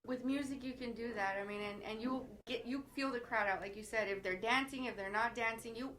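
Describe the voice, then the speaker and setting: A woman singer guesting on a podcast, talking in a relaxed, agreeable way and laughing easily. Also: on the high side, fairly quick, a little hiss or hum, rough recording. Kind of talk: casual chat.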